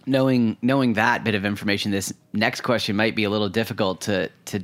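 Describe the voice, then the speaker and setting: A man's voice: fairly low pitch, fairly even intonation, a little fast. Man asking long interview questions. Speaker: podcast interviewer.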